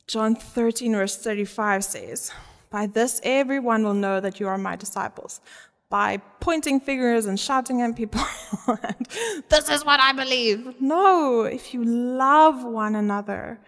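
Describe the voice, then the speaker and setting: A fairly high-voiced woman gives a sermon, earnest and warm in her emphasis, often breaking into a laugh. Her voice rings out with the long reverb of a big church hall. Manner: earnest, laughs often, stresses key words. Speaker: preacher.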